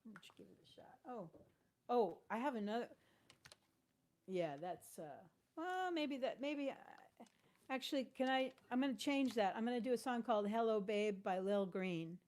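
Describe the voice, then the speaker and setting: A woman singer chatting softly and hesitantly between songs during a live stream, with many fillers. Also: a little high, lively intonation, normal speed. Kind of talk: casual chat between songs. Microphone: home live stream setup. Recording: guitar accompaniment throughout.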